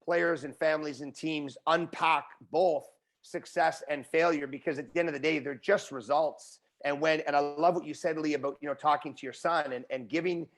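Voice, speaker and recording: Male motivational speaker as a guest, animated delivery, a little high-pitched. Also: normal speed. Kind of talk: conversational interview.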